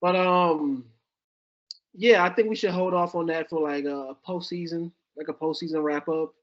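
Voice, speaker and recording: A laid-back man co-hosting a sports podcast, with a high voice for a man, chatting easily and laughing often. The sound is muffled and lo-fi. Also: steady tone, moderate pace, fairly bright tone. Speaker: podcast co-host. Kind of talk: casual sports chat. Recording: dull lo-fi podcast audio.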